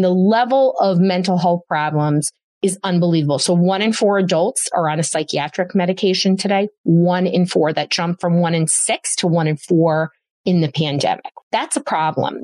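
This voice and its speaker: A woman's voice: on the low side, no room sound. A woman hosting a parenting podcast, giving emphatic advice straight to parents. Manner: emphatic, addresses parents directly. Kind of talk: solo podcast advice talk.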